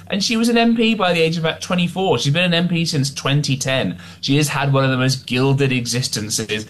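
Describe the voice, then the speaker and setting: A man's voice: fairly high pitch, fairly quick, hardly any pauses. A man, a guest commentator giving heated, scornful political commentary. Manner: scornful, emphatic, animated.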